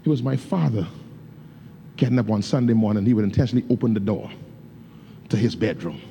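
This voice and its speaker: A man's voice: lowish voice, lively intonation, brisk, gravelly, mellow, highs cut off, a little hiss or hum. Fervent male preacher telling a story. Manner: fervent preaching with loose, casual grammar; breaks into speaking in tongues. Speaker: pastor. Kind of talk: sermon.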